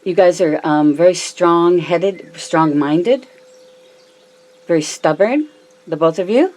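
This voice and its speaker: A woman giving a casual tarot reading to viewers, chatty and affectionate, calling them her loves and honey, and often slowing down for emphasis. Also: animated, a little mellow. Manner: varies her pitch and pace a lot, slows down for emphasis. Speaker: tarot reader.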